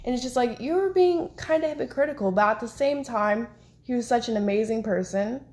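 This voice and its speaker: A woman's voice: fairly high pitch, brisk, darkish tone. A woman co-hosting a casual podcast, talking at length and peppering her sentences with "like". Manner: talkative, uses lots of "like". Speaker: podcast co-host.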